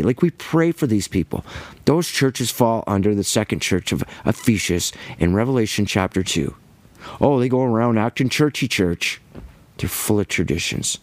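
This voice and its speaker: A man giving an impassioned religious monologue, emphatic and ranting, with quick bursts and repeated words. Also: on the low side, a little mellow, no echo. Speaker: Christian commentator.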